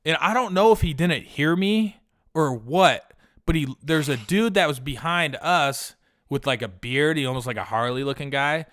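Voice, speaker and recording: A man's voice: a little high, normal speed, fairly bright tone, no echo, clean studio sound. A young man hosting a podcast, telling a long profane story in a loose, rambling way with lots of filler words. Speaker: podcast host. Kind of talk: casual storytelling.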